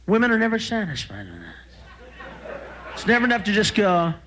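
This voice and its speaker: A man's voice: high voice, sing-song, quick pace, sharp tone, a little hiss or hum. Man shrieking through a stand-up rant. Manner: ranting, bursts into shrieking screams. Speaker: stand-up comedian. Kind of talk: stand-up routine.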